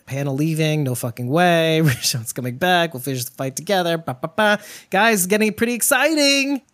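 A man hosting a live stream, chatting casually, excitable, swearing and laughing often. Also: a little high, fairly quick, no echo. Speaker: livestream host. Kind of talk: casual live chat reacting to news.

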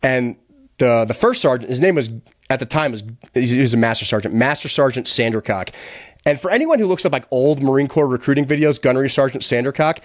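A man's voice: mid-range voice, no echo, clean studio sound. A man guesting on a podcast, telling a story in a blunt, profane way, chuckling often and packing his talk with fillers. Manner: quick, animated retelling with many fillers. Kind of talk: casual storytelling.

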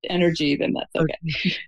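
A woman's voice: fairly low pitch, steady tone, moderate pace, a little mellow, highs cut off. A woman calling in to a show, earnestly describing her situation in detail. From Syracuse, New York. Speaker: caller. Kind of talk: call-in conversation.

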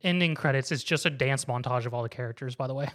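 Animated man recapping an anime. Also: mid-range voice, fast talker. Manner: animated recapping, acts out characters' lines. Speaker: co-host. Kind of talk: casual podcast chat.

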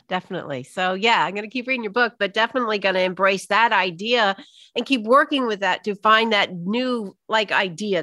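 Bright-voiced woman host, earnest and open. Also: medium pitch, dry recording, clean studio sound. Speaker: podcast host. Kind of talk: casual interview chat.

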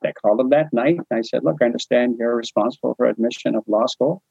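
A man's voice: mid-range voice, quick pace, vocal fry, slightly rough, dry recording. A man from New Brunswick, Canada, telling a personal story in a casual spoken memoir style, acting out the dialogue and chuckling often. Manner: animated storyteller, acts out dialogue, frequent chuckles. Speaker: interviewee telling his life story. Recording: dry, slightly muffled recording.

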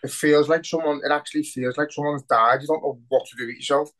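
A man's voice: on the high side, fairly even intonation, quick pace, fairly bright tone. A man with a Liverpool accent co-hosting a casual podcast, rambling and emotional, swearing heavily. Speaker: podcast co-host.

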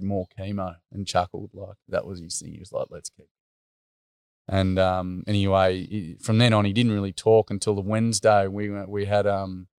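Earnest Australian man, low smooth voice. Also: a little mellow, no room sound, clean studio sound. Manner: earnest, halting, many ums and restarts. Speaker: workshop facilitator and guest. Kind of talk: emotional storytelling interview.

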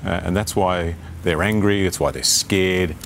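A man's voice: sits low, steady tone, moderate pace, creaky, a little hiss or hum. An Australian man speaking as a politician on a live TV panel, earnest and repeating words when pressed. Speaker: politician guest.

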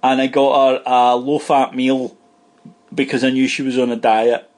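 Middle-aged glasgow guy on a podcast, rambling story mode, mid-pitched voice. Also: flat delivery, normal speed, darkish tone. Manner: rambling anecdotal storyteller with laughs. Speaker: podcast co-host. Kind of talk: casual chat.

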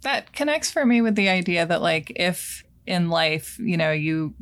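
A woman co-host with a somewhat low voice for a woman. She talks through her ideas in a thoughtful way, with a wry edge. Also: animated, measured pace. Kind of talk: casual podcast conversation.

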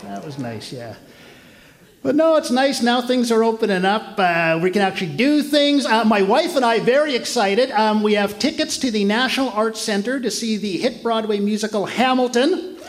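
Canadian male stand-up with a very high voice, wry and self-deprecating, working a live theatre room. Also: expressive, moderate pace. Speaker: stand-up comedian. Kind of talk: stand-up comedy set. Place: theatre stage before a live audience. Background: audience laughter.

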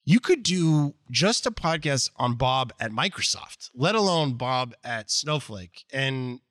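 Blunt, animated man telling stories. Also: mid-range voice, slow, no room sound, clean studio sound. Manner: animated, blunt, self-deprecating, acts out quoted dialogue. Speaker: interview guest, sales executive. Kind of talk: candid conversational storytelling.

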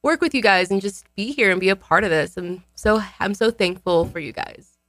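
A woman's voice: medium pitch, expressive, normal speed, a bit bright, dry recording. A woman giving a rambling, heartfelt birthday toast to her friends and colleagues in casual chat. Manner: rambling, heartfelt, restarts often.

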